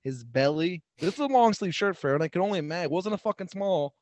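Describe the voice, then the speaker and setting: A man's voice: high-pitched, expressive, quick pace, darkish tone, no room sound. A young man co-hosting a casual podcast, telling crude, mocking stories and laughing often. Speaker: podcast co-host. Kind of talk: casual chat.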